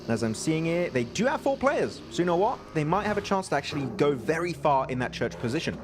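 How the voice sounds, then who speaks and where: An English man casting a live esports match, chatty and quick to laugh. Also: a little high, sing-song, over music. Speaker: esports caster.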